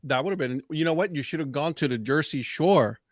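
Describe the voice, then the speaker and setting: A man's voice: on the high side, a little fast, no echo, clean studio sound. A man co-hosting a podcast, teasing his co-host and laughing often in casual chat over a video call.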